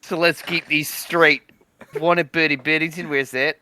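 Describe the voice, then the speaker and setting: Brash joking man, very bright voice. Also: on the high side, steady tone, normal speed, slight background noise. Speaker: player. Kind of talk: casual tabletop play.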